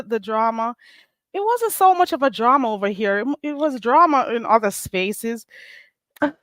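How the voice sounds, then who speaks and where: A woman's voice: medium pitch, a bit bright, dry recording. A woman from Jamaica with a Jamaican accent, chatting casually and animatedly as host of a live stream, greeting viewers and laughing. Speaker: livestream host.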